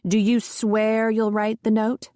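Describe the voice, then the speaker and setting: A woman's voice: fairly high pitch, monotone, takes it slowly, mellow, no room sound, clean studio sound. Woman doing a pushy, exasperated mother. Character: demanding, self-pitying middle-aged mother.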